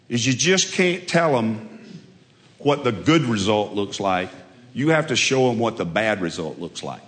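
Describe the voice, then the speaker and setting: A man preaching with folksy storytelling, repeating his key lines for emphasis. His voice sits at a middle pitch and rings out with a long hall reverb. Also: fairly bright tone. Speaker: preacher and football coach. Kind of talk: sermon.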